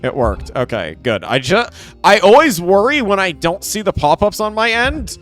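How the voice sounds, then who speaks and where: A playful male game streamer chats through his play with a lively, bouncing pitch that sits a little high. He rambles, repeats himself and talks straight to his chat. Soft music runs faintly underneath. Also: moderate pace. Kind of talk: casual live gameplay commentary.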